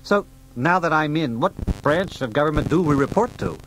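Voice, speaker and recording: A man voicing an eager young male recruit who asks quick, curious questions in a slightly higher voice. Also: lively intonation, slight background noise, natural voice, poor audio.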